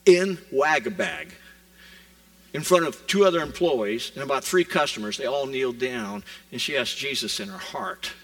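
A male pastor preaches a sermon in a church sanctuary, his voice gravelly and bright with a forceful edge. He tells stories with animated energy and slips into the voices of the people in them. He stands a little back from the microphone, so the sound carries some distance. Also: mid-range voice, moderate pace. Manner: animated storytelling, voicing the people in his story.

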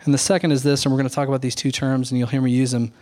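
A man, a pastor, preaching an earnest Sunday morning sermon at a measured, deliberate pace, pausing on key words. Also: mid-range voice, flat delivery, a little mellow.

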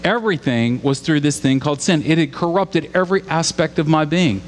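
A man from Louisiana delivers a sermon with a slightly raised pitch, posing questions to his listeners and building through insistent repetition. His voice carries a long reverb from the hall around him, with a faint hum underneath. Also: brisk. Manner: earnest, rising to emphatic repetition, asks the congregation questions. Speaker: preacher.

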